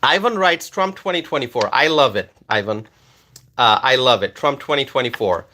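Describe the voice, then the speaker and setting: A man from Bangladesh, hosting a casual livestream and reading viewer comments aloud, animated and loud at times. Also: mid-range voice, moderate pace, a little hiss or hum. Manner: animated, loud at times, with many fillers and repeated words. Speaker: livestream host reading chat.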